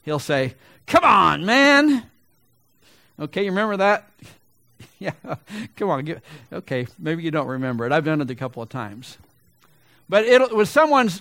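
A middle-aged pastor preaching a sermon loudly and with emphasis, his voice a little gravelly and building to big swells. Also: high voice, no room sound.

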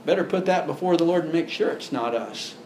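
Male pastor, sermon delivery, slightly high voice, faint noise under the recording. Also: fairly quick, a little mellow. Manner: conversational preaching, rising to emphatic.

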